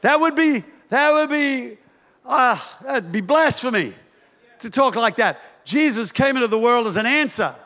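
High-voiced man preaching in a reverberant hall. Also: measured pace. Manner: animated, acts out parents' voices with humor. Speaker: pastor. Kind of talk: sermon.

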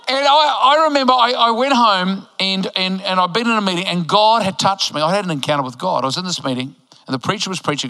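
A man in his sixties from New Zealand, preaching a sermon in a church auditorium with emphatic, animated delivery and joking asides. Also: high voice. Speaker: pastor. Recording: echoey hall reverb.

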